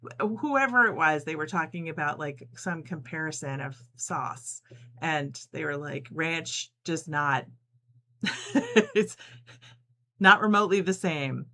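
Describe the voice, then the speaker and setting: In a low, animated voice that's slow yet pushed and bright, a middle-aged New Jersey woman hosts a laid-back live sew-along. She laughs often and reads viewer comments aloud between stitches.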